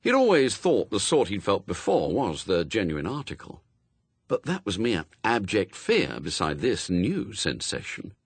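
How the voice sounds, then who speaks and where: A man narrating a storybook in a wry, expressive reading, close to the mic. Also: on the low side, dry recording. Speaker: audiobook narrator. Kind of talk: scripted narration.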